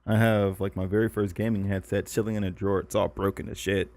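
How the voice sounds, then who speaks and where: A man's voice: lowish voice, flat delivery, fast talker, a little mellow. A young man co-hosting a podcast, telling stories in casual chat, swearing and laughing often. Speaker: podcast co-host.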